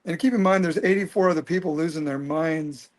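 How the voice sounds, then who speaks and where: A man in his fifties telling a personal story as an interview guest, earnest and animated. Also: a little high, fairly quick. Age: 50s.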